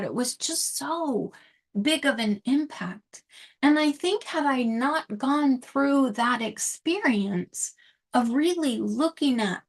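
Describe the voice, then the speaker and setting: A middle-aged woman speaking in a fairly high voice. She talks earnestly and reflectively as a host, confiding in her listeners. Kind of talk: casual solo talk on books and self-worth.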